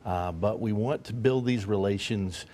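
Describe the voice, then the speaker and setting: A man who runs a mission flight charity, speaking earnestly and haltingly on a TV panel. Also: lowish voice, mellow. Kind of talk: TV panel discussion.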